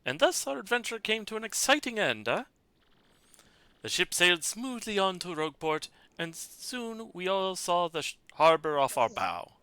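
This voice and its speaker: A man's voice: sits high, big pitch swings, moderate pace, pushed and bright, clear, resonant tone, no room sound, pitched above the performer's own voice, heavily acted. A man voicing a pompous, dramatic male sailor-merchant with a theatrical French-tinged accent, reading game dialogue. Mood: grandiose. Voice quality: theatrical, flamboyant.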